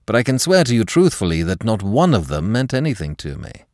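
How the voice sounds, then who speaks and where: A man voicing a smooth, secretive husband in an audiobook reading, speaking gravely and low. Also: sing-song, brisk, a little mellow, no room sound, studio quality. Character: husband, smooth-talking, secretive, quick to anger.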